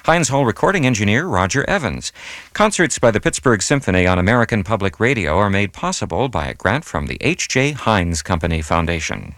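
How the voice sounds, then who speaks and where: A man hosting a classical radio broadcast, reading scripted announcements in a measured, announcer-like way. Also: fairly low pitch, big pitch swings, fairly bright tone, no echo, studio quality. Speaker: radio host.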